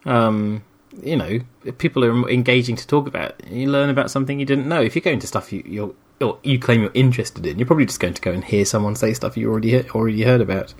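A man's voice: mid-range voice, fast. A man from England, chatting casually in an easygoing, agreeable way. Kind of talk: casual chat.

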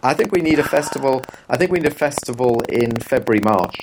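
A man co-hosting a podcast, chatting casually with dry, deadpan humor. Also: mid-range voice, fast talker, music in the background, low-quality recording. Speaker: podcast co-host. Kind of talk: casual chat.

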